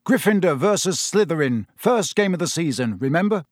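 A man's voice: a little high, lively intonation, normal speed, no echo, voice pushed up. A cocky, confident teenage schoolboy, as a man reads him, sounds boastful and upbeat in a slightly raised voice. The sound is close and dry.

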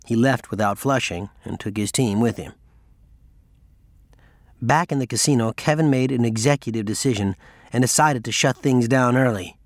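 A man reading a story aloud in steady, measured audiobook narration. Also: mid-range voice, dry recording, clean studio sound. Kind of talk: scripted narration.

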